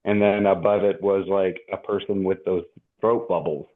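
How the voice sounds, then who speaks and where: A man's voice: low voice, flat delivery, moderate pace. A man guest on a movie review podcast, explaining details hesitantly with many fillers, heard over a tinny remote line. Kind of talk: casual movie review chat.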